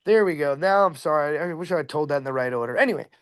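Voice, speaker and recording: A man's voice: fairly high pitch, racing, smooth, no echo. A man telling a fishing story in a casual, rambling, slangy way.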